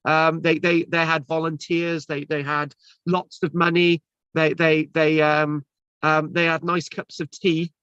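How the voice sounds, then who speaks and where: A man's voice: fairly high pitch, level tone, a little slow, a bit bright, clean tone, no room sound. Rambling man on a dull video call. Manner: rambling, many restarts and fillers. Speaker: presenter. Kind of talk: casual chat.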